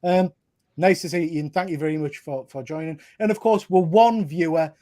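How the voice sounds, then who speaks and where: A man's voice: fairly high pitch, brisk, warm tone. Chatty Geordie man hosting a panel. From North East England. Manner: chatty, jokey, friendly banter. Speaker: host. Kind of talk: casual live panel chat. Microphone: video call.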